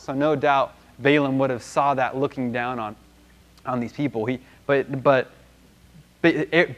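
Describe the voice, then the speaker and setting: A man teaching a Bible lesson in a loose, conversational way, with many restarts and fillers. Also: medium pitch.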